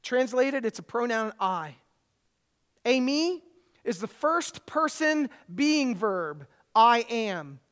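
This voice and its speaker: In a church service, a preacher gives a sermon emphatically, often repeating key phrases and rising to loud excitement at the peaks. The delivery is slow and smooth.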